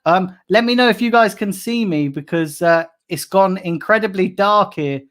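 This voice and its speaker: A man's voice: high-pitched, normal speed, fairly bright tone. An irate man rants into his live stream from a room at home, swearing freely. He breaks off to read the chat out before launching back into his complaints as a fed-up fan. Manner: angry, swearing, ranting. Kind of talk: live stream rant reading chat comments.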